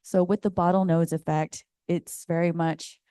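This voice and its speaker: Female advocate on a panel, lowish mellow tone, casual and visual in her explanations. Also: level tone, moderate pace, clean tone, no echo, clean studio sound. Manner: casual, chatty, explains with images. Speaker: community advocate. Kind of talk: panel discussion remarks. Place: conference room.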